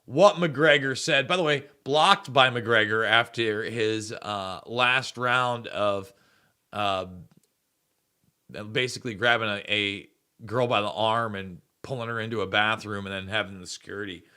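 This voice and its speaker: Bright-voiced sarcastic male show host. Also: fairly low pitch, measured pace, clean tone. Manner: rambling, repeats words, sarcastic asides. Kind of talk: casual political commentary show.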